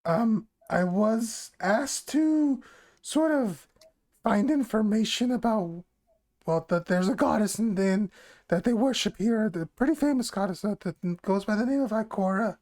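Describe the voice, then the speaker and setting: A game master voicing a shy goblin woman, a former scholar turned worshipper, who speaks slowly and haltingly. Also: mid-range voice, lively intonation, darkish tone, lightly acted. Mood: hesitant. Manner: slow, halting, full of ums.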